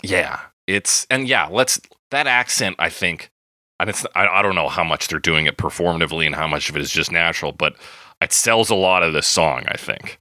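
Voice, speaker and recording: A man co-hosting a music podcast, chatting casually and animatedly, swearing freely and cracking quick jokes. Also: deep voice, bright, forceful tone, no room sound, clean studio sound. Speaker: podcast co-host.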